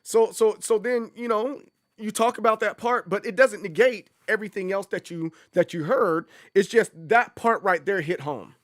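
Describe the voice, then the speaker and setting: A man's voice: sits high, dry recording, studio quality. A man hosting a casual livestream, talking in a loose, rambling way that circles back and repeats points. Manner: animated, rambling, repeats himself. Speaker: streamer host.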